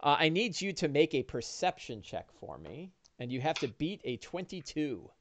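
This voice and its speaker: A man's voice: fairly high pitch, very animated, normal speed. A man narrating a tabletop game as game master, rambling with many restarts. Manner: rambling, with frequent fillers and restarts.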